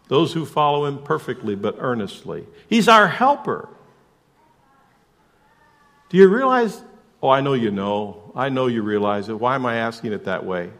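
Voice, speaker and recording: A man preaching a sermon as pastor, emphatic, asking rhetorical questions and shifting suddenly between loud and soft. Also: medium pitch.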